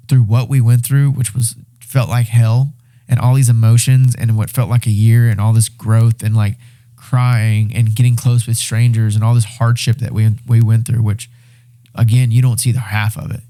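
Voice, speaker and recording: A young man, a podcast guest, excitedly retelling a survival story in casual, animated talk with swearing and restarts. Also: medium pitch, fairly quick. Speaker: podcast guest, reality show winner.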